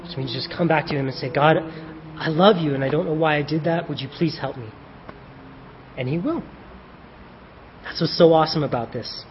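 A man's voice: on the high side, normal speed, pauses often. A man preaching a sermon who asks rhetorical questions and answers them himself, then reads a devotional in an old-fashioned scriptural style. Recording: dull, echoey hall with faint hiss.

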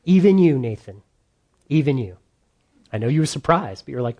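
A man's voice: medium pitch, expressive, normal speed, a little mellow, highs cut off. A male pastor preaching a conversational sermon, repeating key lines for emphasis.

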